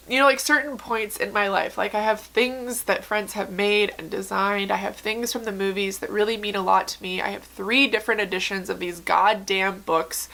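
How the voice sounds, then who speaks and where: A young woman with a bright, forward voice talks straight to camera in a candid, casual way. She speaks earnestly and emotionally, with lots of "um" and "like" and the odd swear word. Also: mid-range voice, gravelly. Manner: earnest, emotional, many fillers and profanity. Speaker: book vlogger.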